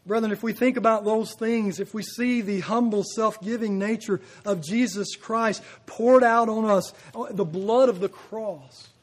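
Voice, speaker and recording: A man's voice: high voice, fairly even intonation, unhurried, hardly any pauses. A man preaching a sermon, earnest and building to emphatic peaks, repeating his phrases.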